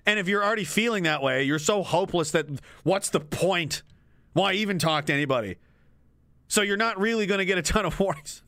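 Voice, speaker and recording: A man's voice: sits high, a little fast, dry recording, clean studio sound. A man streaming and reading chat, ranting casually with lots of swearing and frequent laughter. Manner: animated, laughs often, swears freely. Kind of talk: casual profane rant.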